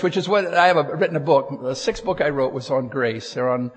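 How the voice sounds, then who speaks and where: A man preaching a humorous storytelling sermon, getting loud and excited and throwing jokey asides to a live audience in church. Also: fairly high pitch, a little fast, hardly any pauses, slightly rough. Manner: animated, gets loud and excited telling the story.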